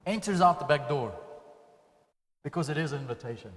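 A man preaching a sermon to his congregation, swinging between loud, emphatic passages and quiet, intimate ones. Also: on the high side, lively intonation, moderate pace, pauses often. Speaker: pastor. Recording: long hall reverb.

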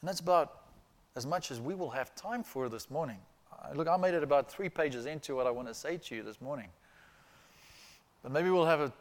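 A pastor giving a sermon in a conversational, emphatic way, repeating points for stress and checking in with his listeners. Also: on the high side.

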